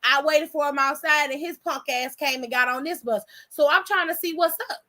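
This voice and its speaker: A young woman hosting, telling a story in a blunt, profane and animated way. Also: high-pitched, brisk. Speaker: host. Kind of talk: casual storytelling.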